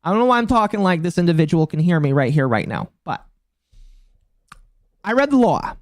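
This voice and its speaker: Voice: mid-range voice, very animated, fairly quick, dry recording, studio quality. A streamer in their mid-twenties giving casual live-stream commentary, talking bluntly and profanely with a mocking tone that climbs into indignant outbursts. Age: mid-20s.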